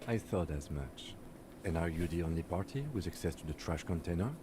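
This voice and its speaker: A man voicing a calm, dry police lieutenant. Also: deep voice, brisk, close to an everyday voice. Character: composed, dry-witted male police lieutenant. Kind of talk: video game voice acting. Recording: game audio with faint noise.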